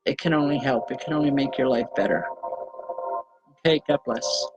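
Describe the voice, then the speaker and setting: Earnest woman giving gentle spiritual readings. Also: rumbling low, moderate pace, muffled recording. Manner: earnest, gentle, relays messages hesitantly. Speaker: spiritual medium. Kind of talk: live online psychic readings.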